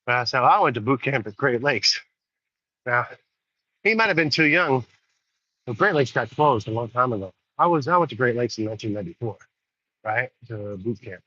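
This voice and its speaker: A man's voice: medium pitch, animated, brisk, sharp tone, no room sound. A middle-aged man telling a story in a casual vlog, angry and swearing freely, recorded outdoors. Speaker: vlogger. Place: outdoors in the rain. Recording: dull lo-fi sound.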